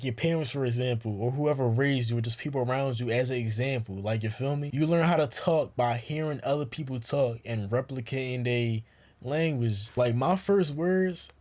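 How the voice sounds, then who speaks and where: A man's voice: medium pitch, darkish tone. Rambling young man musing to camera. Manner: rambling, slangy, talks straight to the viewer. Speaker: YouTuber. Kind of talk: casual vlog monologue.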